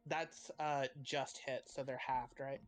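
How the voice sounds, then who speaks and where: A man's voice: medium pitch, fairly even intonation, slow, music in the background. A man playing a tabletop game, talking bluntly and swearing casually. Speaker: player. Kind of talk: tabletop role-play.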